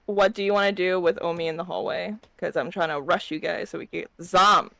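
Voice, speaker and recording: A woman's voice: on the low side, fairly even intonation, fairly quick, creaky, a bit bright, no room sound. A young woman serving as dungeon master, narrating the game casually, with frequent fillers, laughter and swearing. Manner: laughing, profane, rambling fillers.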